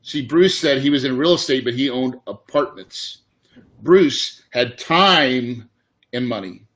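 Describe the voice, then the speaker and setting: A man's voice: mid-range voice, animated, measured pace, a bit bright. A middle-aged man, a real estate investor, telling a candid personal story in a casual, emotional way. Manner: casual, emotional, says dude and man often.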